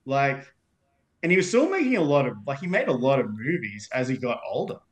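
A man's voice: mid-range voice, very animated, a little fast. An Australian man talking casually as a podcast guest, rambling and filling his sentences with "like". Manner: rambling, leans on "like" a lot. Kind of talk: casual film discussion.

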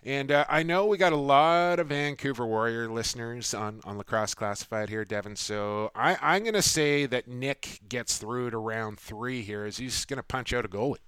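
A man's voice: mid-range voice, moderate pace, few pauses, a bit bright, clear, resonant tone, no echo, studio quality. A middle-aged man hosting a sports podcast, with upbeat, punchy segment intros and casual banter. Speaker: podcast host.

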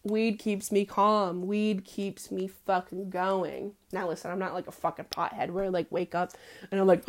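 A woman's voice: lowish voice, moderate pace. Sassy, profane young woman rambling. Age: young adult. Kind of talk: casual confessional monologue.

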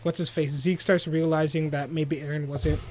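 A man co-hosting a casual podcast, recapping an episode with lively acted-out quotes and frequent laughter. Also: a little high, normal speed, slight background noise. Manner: animated recapping, acts out quotes, laughs often. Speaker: podcast co-host. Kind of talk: casual chat.

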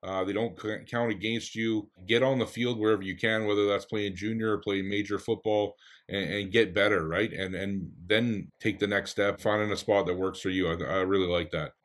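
A man's voice: fairly low pitch, steady tone, moderate pace. A man hosting a casual podcast interview. He is also a football coach and asks long, rambling questions.

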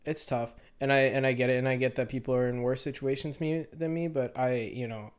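A young man in his twenties talks alone into his podcast mic, unscripted and unedited. His voice is smooth and resonant at an ordinary middle pitch. He rambles, stops, restarts and corrects himself as he goes. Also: steady tone. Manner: rambling, halting, self-correcting. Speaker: podcast host. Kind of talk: unedited solo podcast monologue.

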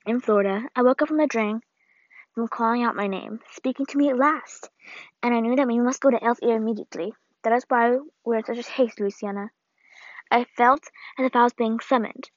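A woman's voice: on the high side, no echo, natural voice. A woman reading as a solemn old grandmother. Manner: solemn, measured letter reading. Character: old, ailing grandmother writing a grave farewell letter. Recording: dull, lo-fi dry read.

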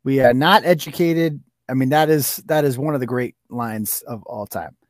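A man hosting a casual livestream chat, blunt and profane and quick to laugh at his guests. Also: mid-range voice, dry recording, studio quality. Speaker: host.

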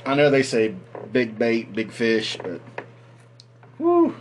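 A man's voice: on the low side, a little slow, noisy background. A man co-hosting a casual fishing chat, telling stories animatedly with sound effects. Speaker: co-host and fishing buddy.

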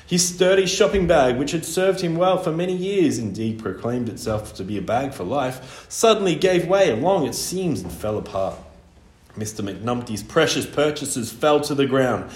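A man reading a children's story aloud, animated, with wide swings in pitch and loudness. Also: normal speed. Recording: echoey room with faint ambience.

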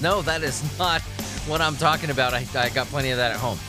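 A man's voice: mid-range voice, quick pace, over music. A man hosting a podcast in casual, crude, joking chat, recovering from an illness and prone to coughing fits. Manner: lively, crude, joking, laughs a lot. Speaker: podcast host.

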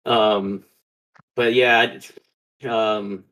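A man hosting a casual podcast chat, talking in a relaxed, hesitant way with frequent pauses. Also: fairly low pitch. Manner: hesitant, lots of fillers, relaxed.

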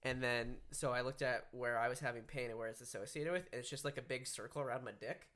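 A man's voice: mid-range voice, fast talker, fairly bright tone. A man co-hosting a podcast, casually telling an embarrassing story from childhood with a laugh. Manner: candid, laughing, loose storyteller. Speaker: podcast co-host. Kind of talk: casual chat among friends.

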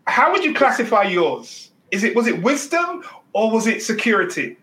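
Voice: mid-range voice, wildly swooping pitch, moderate pace, fairly bright tone. An interview host asking questions in a playful, teasing way, often repeating words. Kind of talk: casual interview chat. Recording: echoey room with faint noise.

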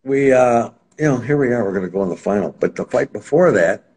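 A man as an interview guest, telling stories in a casual, animated way. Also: mid-range voice, fairly quick. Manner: animated, acts out quotes in other voices. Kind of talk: casual anecdotal storytelling.

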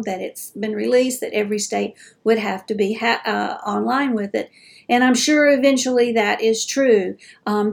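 A middle-aged woman with a Southern accent hosts a caregiving podcast and talks straight to her listeners. Her voice sits a little high, with a gravelly edge. She is chatty and folksy and laughs at herself. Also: a little mellow. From American South. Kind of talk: casual chat to listeners.

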